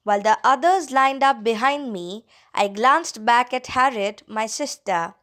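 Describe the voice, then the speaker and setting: A woman's voice: fairly high pitch, a little slow, a bit bright. A woman reading a first-person story aloud as an audiobook narrator, with dramatic storytelling. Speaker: audiobook reader. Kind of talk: scripted narration.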